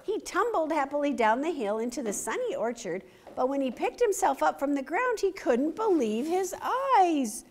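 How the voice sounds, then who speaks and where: Woman, children's story time reader, lively, expressive, slow, asks kids questions. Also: sits high. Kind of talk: reading a picture book aloud to children.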